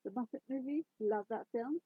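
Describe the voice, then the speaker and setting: A woman voicing an excitable man, a time-traveling doctor who rambles quickly, in a husky tone over a tinny, phone-like recording. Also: fairly high pitch, dry recording. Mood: cheerful.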